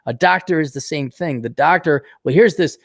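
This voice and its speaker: A man hosting a casual podcast chat, ranting with lots of swearing and animated storytelling. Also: on the high side, normal speed, gravelly, no echo, studio quality. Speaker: podcast host.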